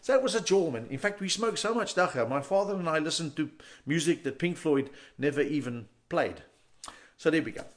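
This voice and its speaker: A middle-aged South African comedian doing stand-up in a lively, swooping voice that sits a little high for a man. He tells his stories with energy and keeps breaking into loud character bits. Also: a little fast. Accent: South African English. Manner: animated storyteller, jumps into loud character voices.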